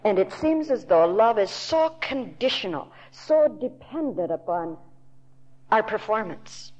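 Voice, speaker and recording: A woman Bible teacher giving a sermon in a deliberate, emphatic storytelling manner. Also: fairly low pitch, a little mellow. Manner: slow, deliberate, emphatic storytelling with quoted voices. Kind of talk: recorded sermon to a women's audience. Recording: dull lo-fi tape recording.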